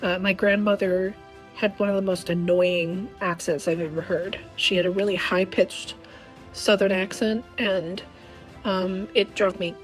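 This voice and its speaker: A woman with a rough, strained voice speaks bluntly in a casual monologue at an ordinary pitch. She hesitates often, with ums and restarts. Faint music plays behind her. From American South. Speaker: vlogger.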